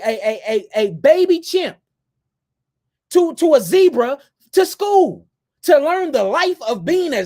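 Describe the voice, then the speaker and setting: Fiery high-pitched man lecturing viewers. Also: darkish tone. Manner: fiery, preachy, ranting, repeats himself; addresses listeners as family and y'all. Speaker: host.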